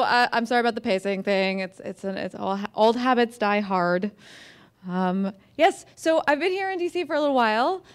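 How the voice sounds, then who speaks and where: A woman's voice: medium pitch, clear, resonant tone. An American woman author talking casually to an audience, chatty and self-deprecating, with lots of fillers and restarts. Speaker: author giving a talk. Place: museum event room.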